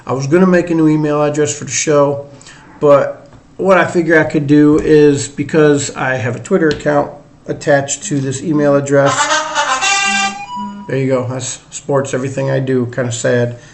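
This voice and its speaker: Music plays behind a middle-aged man hosting his own casual sports show, his voice on the high side with a steady tone and moderate pace. He talks in a loose, rambling, self-mocking style, his accent a mix of Northern US and Southern drawl.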